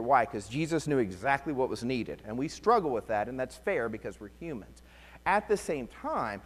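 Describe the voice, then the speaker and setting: A man's voice: medium pitch, normal speed, big-room sound. A man preaching a conversational sermon, telling stories with humor and animation. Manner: animated, joking storyteller. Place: church.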